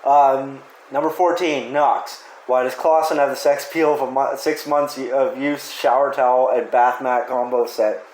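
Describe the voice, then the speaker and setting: A man's voice: medium pitch, fairly even intonation, normal speed, few pauses, darkish tone, echoey room, poor audio. A man in a casual question-and-answer vlog, answering fan questions with offhand, profane jokes. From Canada.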